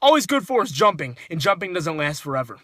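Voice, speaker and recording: A man delivering an angry, profane rant to camera as a sports fan, shouting often. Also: fairly high pitch, sing-song, fast talker, no echo.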